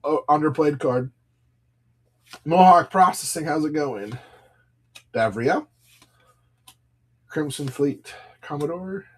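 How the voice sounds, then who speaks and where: Guy doing a live card break, kinda high voice, rambly and casual, chatting with viewers. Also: slow pace, pauses often. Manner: chatty, rambling, greets viewers by name while reading cards. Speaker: live stream seller opening card packs. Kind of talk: casual live-stream chat.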